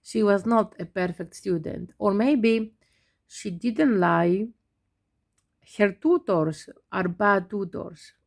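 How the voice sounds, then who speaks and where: A young adult woman whose first language is Greek talks slowly and patiently, explaining things as a teacher would. Her voice has a gravelly, creaky texture, and she lets small laughs into her speech. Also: medium pitch, darkish tone. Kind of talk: casual talk to camera.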